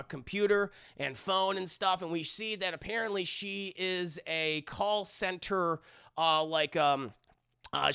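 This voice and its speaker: A young man recapping a movie scene by scene to his live chat, excitable and profane, full of fillers. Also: fairly high pitch, creaky, clear, resonant tone. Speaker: livestreaming film reviewer.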